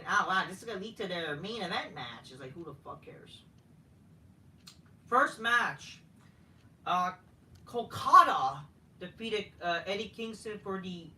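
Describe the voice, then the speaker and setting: A man's voice: high-pitched, sharp tone, distant mic, a little hiss or hum, rough recording. A man reviewing a wrestling show in a casual solo rant, profane, dismissive and sarcastic.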